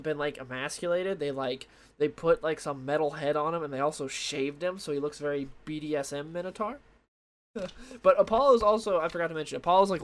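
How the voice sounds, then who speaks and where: A young man with a slightly high voice talks casually into a desk mic, rambling loosely through a comic book review. He restarts his sentences and leans on fillers as he goes. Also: a bit bright. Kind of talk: casual solo review talk. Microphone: desk microphone.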